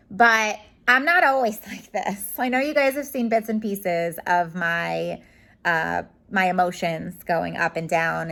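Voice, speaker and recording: A woman's voice: medium pitch, a bit bright. A woman in her thirties telling a personal story to camera at home, bubbly and chatty but emotional, with lots of "like" and restarts. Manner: bubbly, rambling, emotional, talks with her hands in words like "like". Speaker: home organizing vlogger. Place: home room with a curtain.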